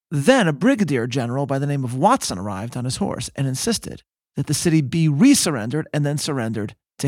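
A man hosting a podcast, telling history in measured, scripted narration that slows for emphasis. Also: on the high side, dry recording, studio quality. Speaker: podcast host.

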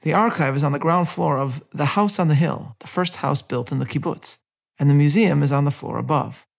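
A man hosting a podcast, reading a measured scripted narration and quoting passages aloud. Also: fairly high pitch, gravelly. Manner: measured, reads quotes aloud with light character inflection. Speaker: podcast host.

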